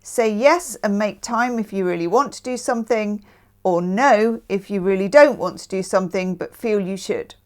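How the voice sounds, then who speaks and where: A woman's voice: mid-range voice, moderate pace. Chatty woman from the UK reading tarot. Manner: chatty, self-mocking asides. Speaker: tarot reader. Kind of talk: casual tarot reading chat.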